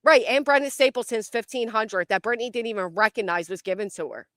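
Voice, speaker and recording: A woman's voice: a little high, fast talker, fairly bright tone, no room sound, clean studio sound. A woman hosting a casual commentary livestream outdoors by a tree, jumpy and swearing a lot as she talks to her chat.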